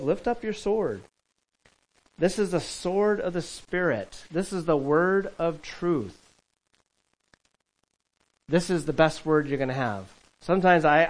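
Male pastor, sermon, emphatic, fairly high-pitched, loud calls then soft asides. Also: poor audio. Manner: chuckles between points.

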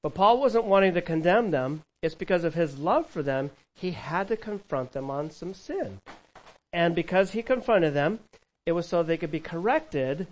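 A man preaching a conversational sermon, asking the congregation questions and acting out quoted thoughts with a lively voice. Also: fairly high pitch, normal speed, rough recording. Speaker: pastor.

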